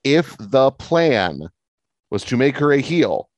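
A man's voice: slow pace, no room sound. A man co-hosting a casual wrestling podcast, talking emphatically and arguing his opinions. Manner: emphatic, argumentative, lively pitch swings. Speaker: podcast co-host.

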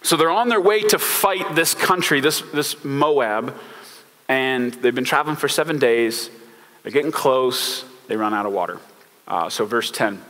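A man, a pastor, preaching a relaxed, conversational sermon with many fillers and informal slang. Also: medium pitch, measured pace, big-room sound.

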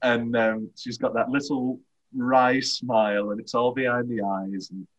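Rambling, husky-voiced man. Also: mid-range voice, flat delivery, low-quality recording. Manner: rambling, halting, laughs often. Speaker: podcast host. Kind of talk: casual film discussion.

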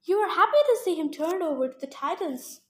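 Woman reader as an angry teen boy; blunt, forceful, deliberate. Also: extremely high pitch, animated, pitched above the performer's own voice. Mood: accusing.

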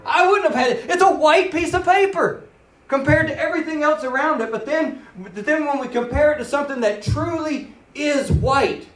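A man preaching a sermon in an animated, dramatic way, acting out the quoted words. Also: extremely high pitch, normal speed. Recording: roomy, voice from a distance.

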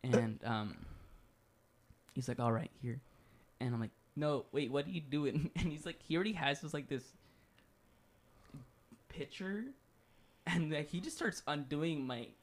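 A man's voice: on the high side, animated, a little slow, pauses often. A young man casually telling a long story on a podcast, full of swearing and "like". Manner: loose, profane storytelling with lots of "like". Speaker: podcast co-host.

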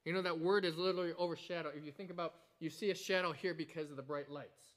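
A man's voice: fairly high pitch, steady tone, fast talker. A man preaching a sermon in an earnest, explanatory way, with conversational asides and strong emphasis on key words. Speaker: pastor.

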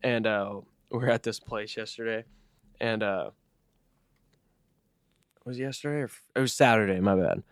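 A man's voice: lowish voice, moderate pace, long pauses, no room sound. A young man co-hosting a podcast, telling rambling stories full of fillers and swearing in casual chat. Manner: rambling storytelling, heavy swearing, lots of fillers. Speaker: podcast co-host.

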